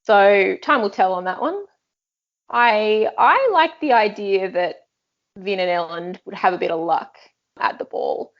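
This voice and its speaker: A woman's voice: mid-range voice, animated, measured pace, highs cut off. A woman co-hosting a book discussion podcast, musing thoughtfully over her speculations in casual talk. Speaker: book club podcast co-host.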